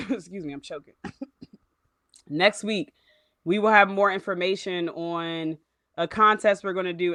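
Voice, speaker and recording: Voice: medium pitch, sharp tone, smooth, no echo. Blunt podcast co-host, dry mic. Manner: blunt, exasperated, says bro. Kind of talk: casual chat.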